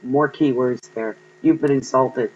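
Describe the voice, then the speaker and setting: A man giving an earnest, encouraging tarot reading to viewers, pausing often with ums. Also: mid-range voice, fairly even intonation, a little mellow, highs cut off, soft background music. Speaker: tarot card reader.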